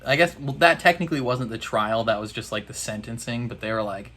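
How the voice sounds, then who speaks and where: A man's voice: mid-range voice, expressive, brisk, sharp tone. A man casually recapping a TV episode, laughing often and talking in a loose, slangy way. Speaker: reaction video host.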